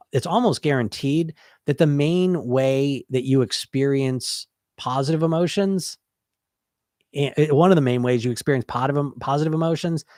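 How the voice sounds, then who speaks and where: A man's voice: medium pitch, darkish tone, dry recording, clean studio sound. A man hosting a weight-loss podcast, talking casually and with energy, often restarting and repeating words. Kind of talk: casual monologue.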